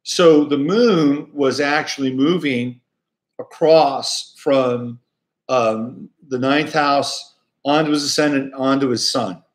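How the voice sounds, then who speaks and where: A man hosting a casual astrology talk at a mid pitch. He rambles and corrects himself as he goes, filling gaps with easy fillers in a relaxed, conversational way. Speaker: astrologer host.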